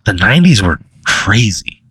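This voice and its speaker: A man in casual comedy podcast chat, laid-back with quick reactive asides. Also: fairly low pitch, sing-song, background noise. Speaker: podcast co-host.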